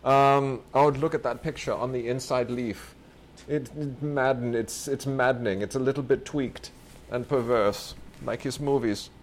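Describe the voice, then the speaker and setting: A man's voice: medium pitch, steady tone, unhurried, slight background noise. A man co-hosting a podcast, rambling enthusiastically and with some self-mockery about a film collection. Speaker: podcast co-host. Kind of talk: casual chat about home video releases.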